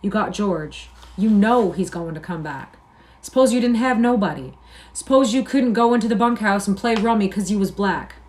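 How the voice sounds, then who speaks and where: A woman's voice: mid-range voice, lively intonation, a little mellow, lightly acted. A woman reading aloud and voicing a lonely, scornful older male stable hand with a drawling, persuasive manner. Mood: brooding, persuasive. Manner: drawling, persuasive, slow musing.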